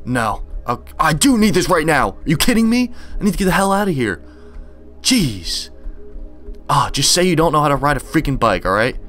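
A young man with a fairly high voice talks to himself through a horror game, nervous and easily startled. Faint music plays underneath his commentary. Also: very animated, moderate pace, a bit bright. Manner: jumpy, nervous, talks to himself while playing. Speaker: gaming channel host.

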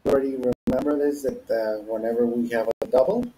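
A man's voice: mid-range voice, steady tone, fast talker, dark tone, reverberant, a little hiss or hum, low-quality recording. A man teaching an English lesson, explaining and modeling example phrases and their stress. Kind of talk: classroom lesson.

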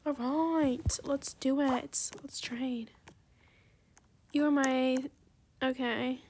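A woman giving casual gameplay commentary, excitable and gushing, then soft and apologetic when she turns down offers. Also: sits high, very slow, a little hiss or hum. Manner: apologetic, soft-spoken when declining trades. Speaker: gaming video creator.

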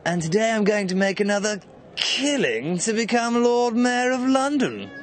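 A man's voice: sits high, lively intonation, normal speed, a little hiss or hum. A man playing a smug, sneering rich banker villain in a school pantomime. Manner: boastful, sneering.

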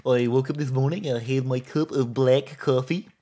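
A man putting on the voice of a prim, chirpy pet guinea pig on a live stream, with drawn-out, over-pleased words. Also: mid-range voice, steady tone, dark tone, pitched above the performer's own voice, natural voice.

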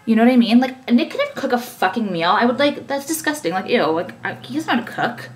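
A woman's voice: fairly high pitch, expressive, quick pace, a little hiss or hum. A young woman talking casually to camera, ranting with many fillers and swearing. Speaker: vlogger and business owner.

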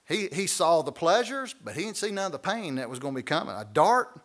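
A preaching man teaches a Bible study in church. His voice sits notably high, and he is lively and folksy as he explains the scripture. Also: a little fast. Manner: animated preaching with folksy asides and acted quotes. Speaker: pastor.

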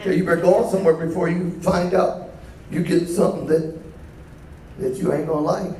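High-voiced bishop preaching in echoey church. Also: male voice, fairly even intonation, a little fast, dark tone, distant mic, a little hiss or hum. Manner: conversational preaching with call-and-response. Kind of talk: sermon.

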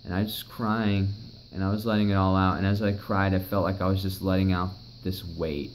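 A man's voice: low-pitched, level tone, fairly quick, a little hiss or hum, rough recording. A young man recounting a personal story in a rambling, emotional way, swearing often. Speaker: vlogger.

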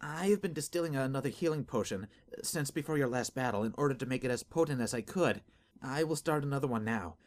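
A man's voice: expressive, a little fast, natural voice. A man voicing a devoted young woman healer who sounds anxious yet determined. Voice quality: anxious, determined, higher-pitched.

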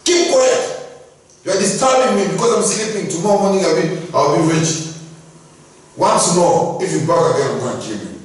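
A man voicing a greedy, sleepy man who shouts high and strained at his barking dog, in an echoey hall heard from far off. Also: wildly swooping pitch, a little slow, long pauses, a little hiss or hum. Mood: angry.

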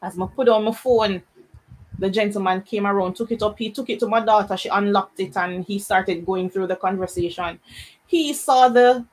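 A woman's voice: medium pitch, normal speed, poor audio. A Jamaican woman, a guest on a live panel, earnestly telling a personal story and acting out the voices of the people in it. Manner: earnest storytelling, acts out quoted lines.

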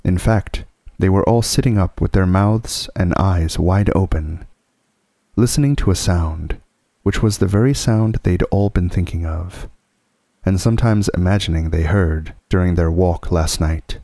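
A man reading a classic children's book aloud as a calm, soothing sleep story. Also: low-pitched, unhurried, dry recording.

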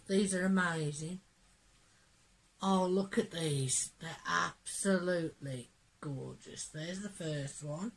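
A woman with a croaky voice from being unwell, chatting gently and enthusiastically as she opens mail from a friend on her craft channel. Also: on the low side, slight background noise, poor audio. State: hoarse, croaky from illness. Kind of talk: casual chat opening mail.

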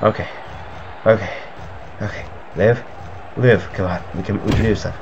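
A man giving excitable let's play commentary, breaking into panicky outbursts and cursing. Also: fairly low pitch, moderate pace, creaky, noisy background. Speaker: gaming video creator. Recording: slightly muffled audio with game music. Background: video game music.

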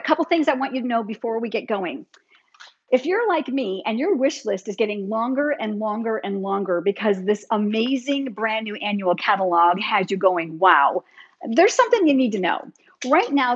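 A woman's voice: a little high, breathy edge, muffled recording. A middle-aged woman teaching card making on a live stream, chatty and upbeat, talking straight to her viewers. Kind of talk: live crafting tutorial. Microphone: demonstrating at a craft table, hands busy.

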